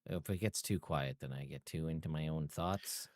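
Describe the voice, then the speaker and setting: A man's voice: extremely low pitch, moderate pace, no room sound, clean studio sound, pitched below the performer's own voice. A man doing a gloomy mumbling drunk. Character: weary subdued drunk man.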